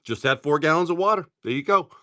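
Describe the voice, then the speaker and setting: A man's voice: a little high, animated, sharp tone. A middle-aged man hosting a live stream, opening card packs, rattling off card names and telling joking stories in casual chat. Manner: rapid card-name rundowns mixed with joking stories.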